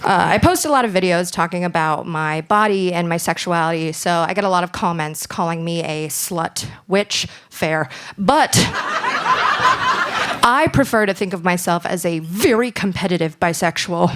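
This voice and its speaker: A woman's voice: normal speed, very noisy. Playful young woman doing stand-up. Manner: playful storytelling with sudden high squeals for effect. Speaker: stand-up comedian. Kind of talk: stand-up comedy set.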